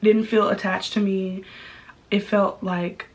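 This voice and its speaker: A woman's voice: medium pitch, level tone, measured pace. A young woman telling a personal story in a casual vlog, chatty and candid, with many likes and ums. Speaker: vlogger.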